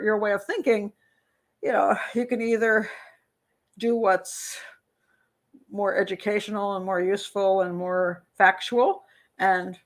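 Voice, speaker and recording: Reading viewer comments on her live show, an older woman criminal profiler chats in a casual, rambling way, full of fillers and little laughs. Her voice is creaky and on the high side.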